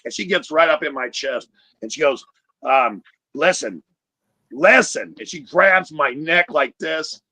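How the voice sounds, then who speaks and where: A man's voice: fairly high pitch, measured pace, dry recording. A man telling a profane, punchy stand-up story over a video call. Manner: profane, punchy, animated delivery. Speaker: comedian.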